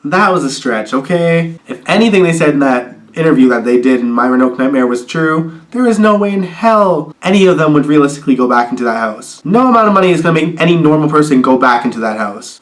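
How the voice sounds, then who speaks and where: A man's voice: on the high side, a bit bright. A man chatting casually and expressively as he reviews a TV episode, with some swearing. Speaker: TV review vlogger.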